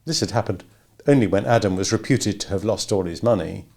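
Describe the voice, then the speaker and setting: A man's voice: lowish voice, fairly quick, creaky, a little mellow. A man narrating a novel as an audiobook, reading expressively.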